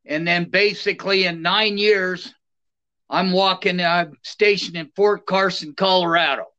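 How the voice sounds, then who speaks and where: Middle-aged retired army guy telling stories slowly, bright forceful tone. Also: high voice, muffled recording. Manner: animated, plainspoken anecdotes with laughs. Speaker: guest, retired soldier. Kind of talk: casual storytelling.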